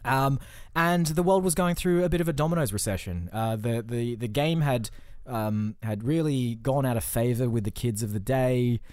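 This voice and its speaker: A man's voice: medium pitch, normal speed, darkish tone, no room sound, studio quality. A man in casual improvised comedy chat, rambling and playful, laughing often as he builds silly ideas.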